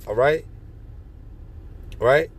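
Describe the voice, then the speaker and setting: Speaking extremely slowly in a husky mid-range voice, this street preacher reads scripture one verse at a time. He then explains each passage in slangy street language laced with profanity.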